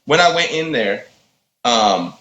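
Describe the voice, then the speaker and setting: A man in his thirties, a podcast guest, telling stories in a casual, animated way and acting out the quotes. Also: medium pitch, slow pace, a little hiss or hum. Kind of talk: casual storytelling. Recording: roomy, slightly dull sound with faint ambience.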